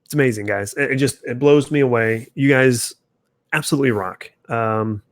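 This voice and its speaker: A man's voice: mid-range voice, moderate pace, no room sound, studio quality. A man hosting a casual livestream, chatting loosely with viewers, restarting sentences and reacting to their comments. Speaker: channel host.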